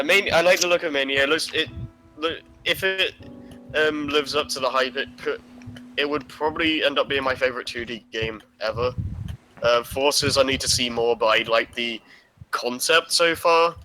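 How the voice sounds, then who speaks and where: A man hosting a podcast, talking casually and haltingly, with many restarts. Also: medium pitch, sharp tone, soft background music, low-quality recording. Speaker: podcast host. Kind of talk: casual chat.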